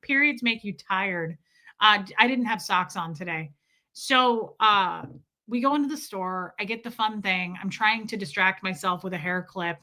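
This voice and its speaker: A young woman livestreams with a medium-pitched voice at normal speed, telling a story in casual chat. She's animated, acting out what people said and often bursting into laughter.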